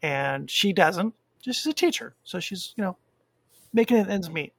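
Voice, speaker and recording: A man with a slightly raised pitch and a gravelly, crackly edge talks casually about a TV series. The sound is dry and close. He reflects thoughtfully and often circles back to restart his sentences. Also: lively intonation, a little slow, fairly bright tone, no room sound. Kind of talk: casual chat reviewing a TV series.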